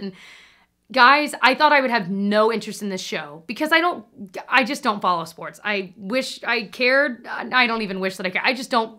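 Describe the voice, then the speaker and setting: Bubbly, rambling woman with a bright voice. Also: mid-range voice. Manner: bubbly, rambling, self-deprecating asides. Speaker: vlogger. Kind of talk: casual monthly favorites chat.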